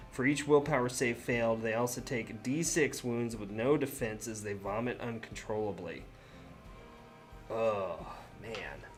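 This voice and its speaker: A man casually playing a solo tabletop game, reading out cards and reacting aloud to his dice rolls. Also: medium pitch. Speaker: solo game player and host.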